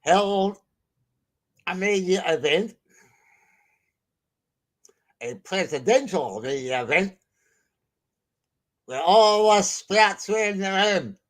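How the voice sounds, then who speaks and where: A man's voice: high-pitched, lively intonation, slow, pauses often, voice pushed up. A man voicing a simple-minded, rowdy Brussels sprout, in an improvised comedy bit.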